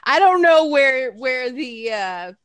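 A woman's voice: high-pitched, very animated, takes it slowly, a bit bright, clear, resonant tone, dry recording. A woman co-hosting a casual chat, rambling and joking, swearing freely. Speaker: podcast co-host.

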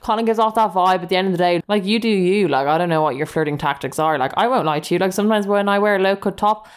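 A woman's voice: mid-range voice, quick pace, clear, resonant tone. A young woman hosting a chat show, telling listener stories in a casual, chatty way, laughing often and saying "like" a lot. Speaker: podcast host reading listener stories.

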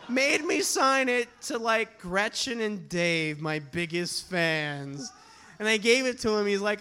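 Bright-voiced man telling a comic story. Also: sits high, slow pace, clean tone. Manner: animated, acts out the story, swears casually. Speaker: touring slam poet performing. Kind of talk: live comic storytelling on stage. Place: poetry slam venue, live audience.

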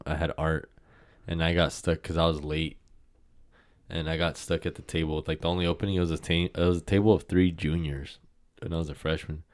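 A young man with a deep voice co-hosts a relaxed podcast chat. He jumps in with quick reactions and swears in an easy, offhand way. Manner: chimes in with short reactions, swears casually. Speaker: podcast co-host. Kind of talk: casual chat.

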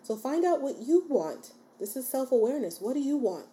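Warm-voiced woman hosting a casual podcast. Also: high-pitched, very animated, a little fast. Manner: encouraging, checks in with listeners often; chatty and informal. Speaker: podcast host. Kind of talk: casual solo podcast talk.

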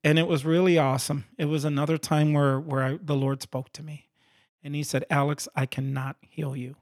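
A man's voice: fairly high pitch, a little fast. A man sharing his faith testimony in an earnest, conversational way, acting out his prayers and the replies he heard. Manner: animated storyteller who acts out his prayers and God's replies.

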